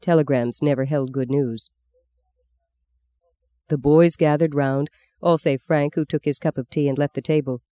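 A man reading a novel aloud as an audiobook narrator, in a measured, even storytelling manner on a close microphone. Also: fairly high pitch, no echo.

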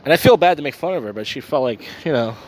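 A man's voice: medium pitch, expressive, fast, a little mellow. A man hosting his own podcast, a little tipsy, telling crude, meandering stories packed with fillers in a casual monologue. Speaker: podcast host and open mic host.

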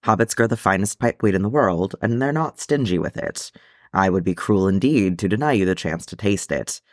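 A gruff old dwarf father, fussy and fierce, who nags his grown son, as a man reading a storybook puts him on. His low voice jumps around as he scolds. The sound is close and dry. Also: lively intonation, normal speed, a little mellow, no room sound. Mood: fussing.

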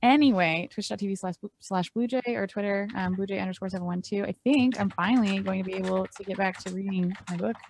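A woman's voice: medium pitch, quick pace, hardly any pauses, darkish tone, a little hiss or hum. A woman who plays in a tabletop game and streams, talking casually in a playful, rambling way. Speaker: player and streamer. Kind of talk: casual chat.

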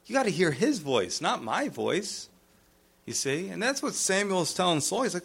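A man's voice: sits high, moderate pace, creaky, breathy edge. A male pastor preaching a verse-by-verse sermon in a conversational way, raising his voice to act out quoted speakers. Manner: animated, acts out quoted lines in a raised voice; conversational asides, fillers. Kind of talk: expository sermon.

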